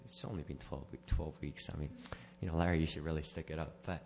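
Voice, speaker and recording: A man's voice: extremely low pitch, steady tone, fast talker, darkish tone, a little hiss or hum. A man sharing a personal testimony at church, rambling and correcting himself, with small laughs. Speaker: church member giving a testimony.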